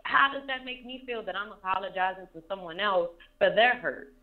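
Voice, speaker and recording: A woman's voice: mid-range voice, expressive, a little fast, narrow, tinny audio. A woman of about thirty, an interview guest, talking earnestly and repeating her points for emphasis. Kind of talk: candid emotional interview talk.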